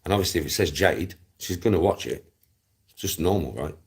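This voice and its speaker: Ranting casually to his channel's audience, the Smethwick man in his Black Country accent is blunt, repetitive and full of swearing, with laughs slipping through. His deep voice is brisk and slightly rough.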